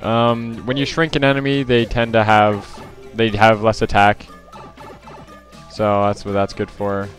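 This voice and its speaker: A man's voice: fairly low pitch, flat delivery, measured pace, faint music behind. A man giving casual gameplay commentary as a let's play host, rambling with lots of fillers and self-corrections.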